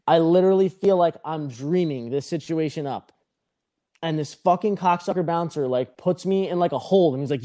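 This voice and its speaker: A man's voice: fairly high pitch, normal speed. A young man telling a rambling, profane story in casual podcast chat, acting out the other people's lines. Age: young adult. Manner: rambling, profane, animated retelling.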